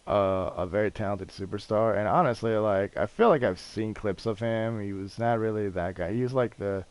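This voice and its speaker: Low-voiced rambling streamer man. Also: moderate pace, clean tone. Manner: rambling, excitable storytelling with frequent swearing. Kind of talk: casual gaming stream chat.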